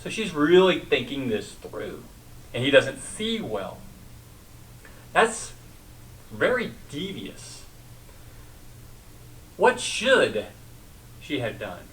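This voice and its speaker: A man's voice: medium pitch, sing-song, very slow, pauses often, fairly bright tone, distant mic, poor audio. A man teaching a sermon in a conversational way, asking the congregation questions and retelling scripture. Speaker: pastor.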